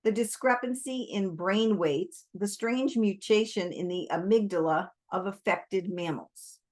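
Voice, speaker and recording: A woman reads a novel aloud, her narration calm and measured. She takes her time, with a slow and steady pace. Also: medium pitch. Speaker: reader. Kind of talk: audiobook reading.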